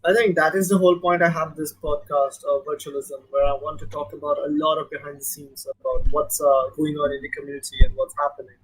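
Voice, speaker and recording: Husky-voiced man with an Indian accent. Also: fairly high pitch, fast, few pauses, rough recording. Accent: Indian, mixed with American. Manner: animated, repeats words for emphasis. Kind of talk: casual podcast chat.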